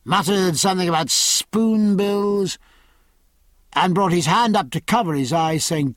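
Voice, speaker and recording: A man narrating a novel aloud in an expressive, measured storytelling manner. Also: on the high side, no room sound. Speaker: audiobook narrator. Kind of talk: scripted narration.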